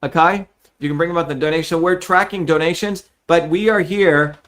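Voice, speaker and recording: A man's voice: a little high, a little fast, a bit bright. A middle-aged man hosting a live fundraising stream, talking bluntly and emphatically, with frequent profanity, straight to his viewers. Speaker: host of a live fundraising telethon.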